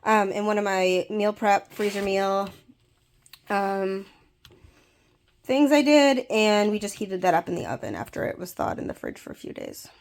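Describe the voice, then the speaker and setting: A woman's voice: medium pitch, expressive, normal speed. A woman with a stuffy, congested voice from a cold, casually talking through her home cooking in a kitchen vlog, practical and chatty with frequent ums.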